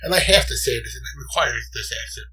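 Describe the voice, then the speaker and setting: A man co-hosting a casual movie podcast, energetic and rambling, who likes to act out lines in silly accents. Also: mid-range voice, fast, slightly rough, rough recording. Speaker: podcast co-host. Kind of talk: casual chat.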